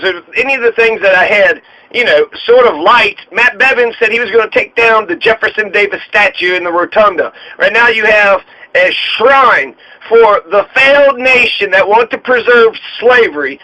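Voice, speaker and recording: A man's voice: sits high, pushed and bright, rough recording. A man hosting a heated, sarcastic political commentary, mocking and repeating his jabs. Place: home studio in Colorado.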